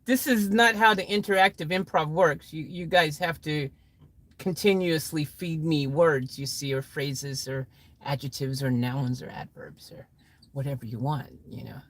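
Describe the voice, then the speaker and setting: A woman with a low-sitting voice hosts a livestream at normal speed, chatting playfully with her viewers and laughing often. She sets up an improvised story for the chat, and there's no echo.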